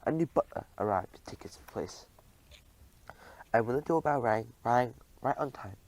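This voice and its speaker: A man reads a children's storybook aloud as the audiobook narrator. His delivery is gentle and even, and his voice sits at a middle pitch. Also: rough recording.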